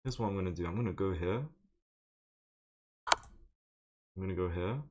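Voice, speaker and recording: A man's voice: deep voice, unhurried. A young man, commentating live on his own online chess game, muttering moves and now and then breaking into exasperated outbursts. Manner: muttering his moves, then bursts into loud frustrated exclamations. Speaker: chess streamer.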